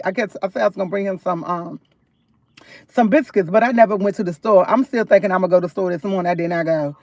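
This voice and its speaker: A woman's voice: mid-range voice, fast talker, no echo. Woman, casual livestreamer, rambling and chatty, laughs a lot, recorded dry in a parked car. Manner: rambling, chatty, keeps addressing viewers as y'all; laughs often, animated when retelling. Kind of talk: casual live-stream storytelling.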